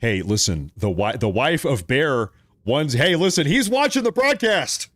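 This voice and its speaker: A man's voice: medium pitch, measured pace, no echo. Joking man hosting a live political stream. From Oregon. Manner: joking, animated rants, laughs often. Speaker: political livestream host.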